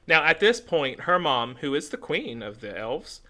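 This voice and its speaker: A man's voice: a little high, very animated, moderate pace, pushed and bright. A young adult man co-hosting a podcast, chatting casually and acting out characters' lines as he retells a story. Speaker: podcast co-host. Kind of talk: casual chat.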